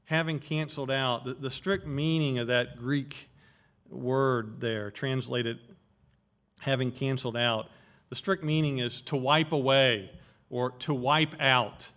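Slow, deliberate male preacher. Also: medium pitch, fairly even intonation, a bit bright. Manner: deliberate teaching, stresses key words. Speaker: pastor. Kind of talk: expository sermon.

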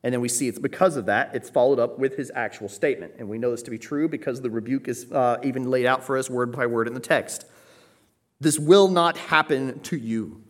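A man's voice: medium pitch, fairly even intonation, fast, few pauses. Emphatic male preacher teaching scripture. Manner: emphatic teaching, frequent "right?" check-ins; rises sharply when acting out quoted pleas. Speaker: pastor. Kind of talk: expository sermon.

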